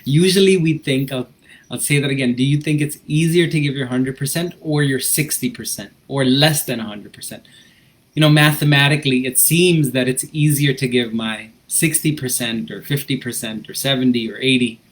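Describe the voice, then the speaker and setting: A man leading a guided breathing lesson, gentle and reflective, often checking in with a "right?" and a soft laugh. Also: mid-range voice, normal speed. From United States. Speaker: breathing and meditation instructor.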